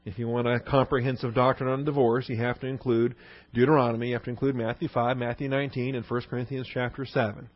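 A male pastor rushes through an expository sermon in a flat, medium-pitched voice, captured on lo-fi sound. He's emphatic nonetheless, leaning on rhetorical questions and repeated key points.

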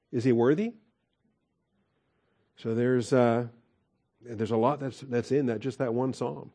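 A man's voice: mid-range voice, a little slow, long pauses, warm tone. A male pastor preaching a sermon in a conversational way, with fillers and rhetorical questions.

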